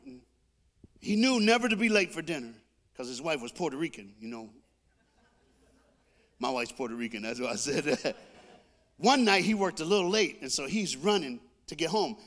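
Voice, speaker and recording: Give me an animated man preaching a sermon through a comic story, slightly high-pitched. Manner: animated, comic, with sound effects and call-and-response.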